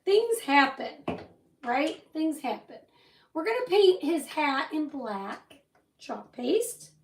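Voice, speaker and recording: Chatty high-voiced woman in an echoey room. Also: sing-song, slow pace, distant mic. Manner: chatty, rambling storytelling with frequent asides. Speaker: craft livestream host. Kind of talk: casual chat while crafting. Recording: roomy echo, voice set back from the mic.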